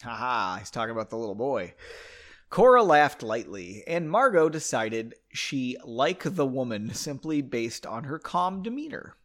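A man's voice: mid-range voice, big pitch swings, a little slow, a bit bright. A man reading his own story aloud, breaking off for joking asides and self-corrections. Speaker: reader of his own book.

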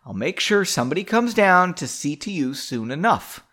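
A man's voice: on the high side, very animated, moderate pace, bright, forceful tone, voice pushed up, full character voice. A man reading out the lines of a determined young woman in his own story, speaking as her with a cool, firm manner.

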